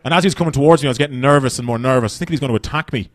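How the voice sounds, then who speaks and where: A man's voice: medium pitch, very fast, dry recording, studio quality. An Irish man doing live stand-up comedy, swearing freely and rambling into banter with the crowd. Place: comedy venue stage.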